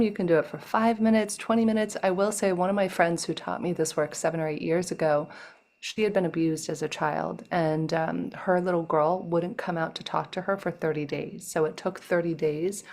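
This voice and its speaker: A woman speaking as a guest over a video call, her lowish voice carrying a gravelly fry. She shifts from lively, laughing stories to hushed, slow guidance through breathing. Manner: slows into soft guided breathing instructions; animated, laughing storytelling. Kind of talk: casual interview talk. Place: home, in Toronto.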